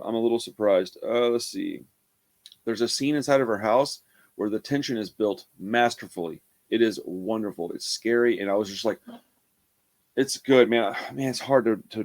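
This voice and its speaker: A man giving a casual, rambling horror movie review, laid-back and full of "man" and "dude". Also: medium pitch.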